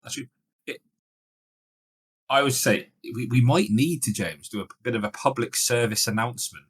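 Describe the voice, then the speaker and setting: A man's voice: mid-range voice, normal speed, husky. Casual male co-host, talkative, joking, podcast mic. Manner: chatty, jokey, puts on mock voices. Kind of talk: casual chat.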